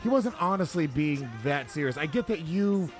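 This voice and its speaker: A man's voice: on the high side, animated, moderate pace, soft background music. A man hosting a comedy podcast, interrupting and ribbing his co-host while he argues his point. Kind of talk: casual podcast banter.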